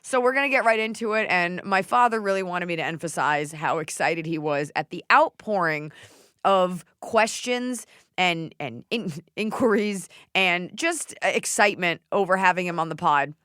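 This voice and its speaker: A woman in her thirties hosting a podcast, chatting casually in a quick, joking and animated way. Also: lowish voice, smooth, no room sound, studio quality. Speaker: podcast host. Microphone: studio mic without headphones.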